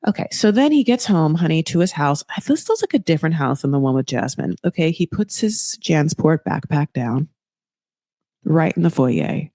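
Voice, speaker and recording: A woman hosts a casual recap podcast in a slightly low voice. She talks in a loose, sarcastic way, swears freely and fills her sentences with "like" and "you know." The recording is close and very dry. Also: lively intonation, moderate pace, mellow, no echo. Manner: chatty, profane, sarcastic, many fillers. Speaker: podcast host.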